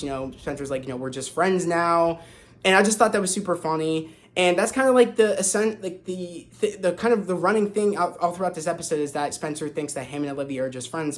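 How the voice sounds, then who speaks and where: A man talks through a TV episode in a loose, chatty review, piling up fillers and restarting his sentences as he goes. His voice sits a little higher than most men's, and he sounds eager and amused. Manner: rambling, many fillers and restarts; excitable, laughs off the plot. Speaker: TV show reviewer. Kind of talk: casual spoken episode review.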